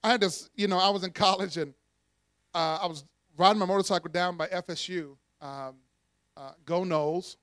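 A man's voice: sits high, moderate pace, clear, resonant tone, no echo, studio quality. A man preaching a sermon, calling on the congregation to repeat after him and telling stories with laughs. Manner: call-and-response preaching, animated storytelling with laughs. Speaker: pastor.

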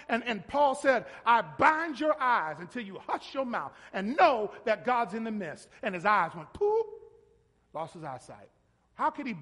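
A man's voice: extremely high pitch, a bit bright. A man preaching a sermon as pastor, calling on congregation members and prompting them to finish verses. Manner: call-and-response, prompting listeners to finish verses; talks directly to a congregation member. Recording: long reverb of a large hall.

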